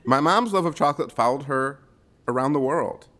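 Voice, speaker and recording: A man in his forties from the Chicago area, giving a funeral eulogy for his mother as gently humorous storytelling. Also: medium pitch, expressive, moderate pace. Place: funeral service.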